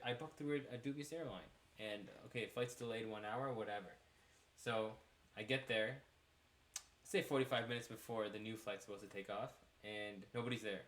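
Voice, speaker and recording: A young man hosting a podcast, telling a rambling travel story in a casual, animated way and laughing at himself. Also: mid-range voice, roomy sound. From United States. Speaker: podcast host.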